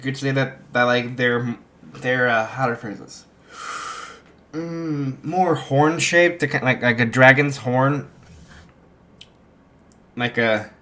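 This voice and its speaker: A man's voice: medium pitch, a bit bright. A man improvising a fan story, rambling with many fillers and restarts. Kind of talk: improvised fan fiction narration.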